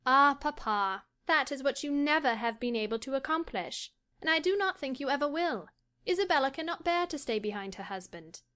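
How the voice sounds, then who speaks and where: A woman playing a bright, reassuring young daughter. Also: high voice, lively intonation. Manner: cheerful, soothing, brisk. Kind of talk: audiobook character voice.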